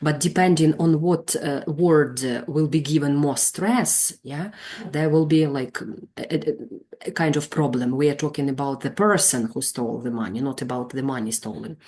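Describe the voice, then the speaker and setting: A woman with a low-sitting voice, speaking at normal speed, leads an online English teaching lesson. She calls on trainees and explains their mistakes, correcting them gently.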